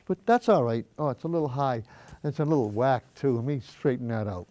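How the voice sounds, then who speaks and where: A man's voice: mid-range voice, animated, a little fast, mellow, dry recording. An older man hosting a painting show from a cable TV studio. He chats in a folksy, rambling way while he works and sometimes steps back from the mic to look at the canvas. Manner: moves away from the mic to step back and view the canvas. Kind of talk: casual painting demonstration. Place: high school cable TV studio.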